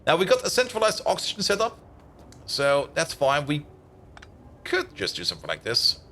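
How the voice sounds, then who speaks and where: A man's voice: on the high side, huge pitch swings, normal speed, sharp tone, slight background noise. A man giving casual, rambling commentary as he streams a building game, thinking aloud and chatting with viewers, full of "like" and "uh". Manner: thinks aloud while building, answers chat.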